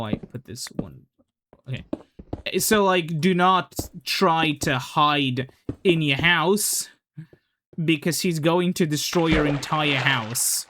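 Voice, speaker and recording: A man's voice: on the high side, a bit bright, a little hiss or hum. A man casually commenting while he plays a game, rambling with lots of fillers and the odd swear. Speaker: gaming channel host.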